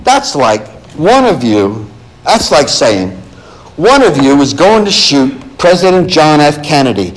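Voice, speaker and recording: A man preaching a sermon in a church, his voice pitched high and swinging widely as he talks. He pushes the congregation with rhetorical questions and reads scripture with dramatic weight. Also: sing-song, measured pace, slight background noise, low-quality recording. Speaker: pastor.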